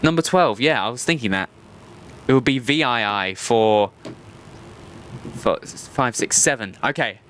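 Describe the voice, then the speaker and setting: Australian man, live stream host, outdoors, casual rambling chat, self-mocking, laughs often, mid-pitched voice. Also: lively intonation, unhurried, pauses often, a bit bright, slight background noise. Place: outdoors at an airport.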